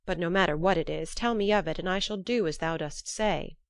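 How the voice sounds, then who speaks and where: A woman's voice: lowish voice, brisk, no echo, clean studio sound, lightly acted. A woman voicing a proud, hot-tempered male thunder god in a storybook reading. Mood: indignant. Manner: indignant, rough.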